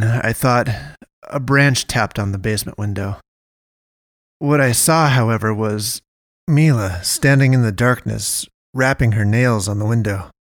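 A man narrating a first-person story aloud in a steady, measured way. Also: medium pitch, no room sound, studio quality.

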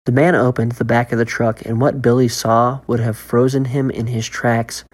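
A woman with a remarkably deep voice narrates a scripted horror story. She keeps a steady, measured storytelling pace throughout.

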